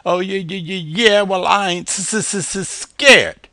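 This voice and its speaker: A man's voice: sits high, unhurried, pushed and bright, no echo, voice pushed up, full character voice. A man voicing a small, stuttering young male possum. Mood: stammering. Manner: stutters, drawling southern speech.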